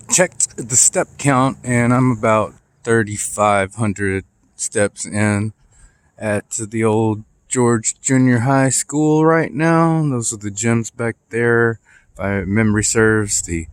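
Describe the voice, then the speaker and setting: A man's voice: mid-range voice, clear, resonant tone, no room sound. A man in his forties vlogging casually while out on a walk through his neighborhood, chatting in a rambling, nostalgic way with plenty of fillers. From Texas. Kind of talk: casual walking vlog. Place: outdoors walking through a neighborhood. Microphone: phone camera held while walking.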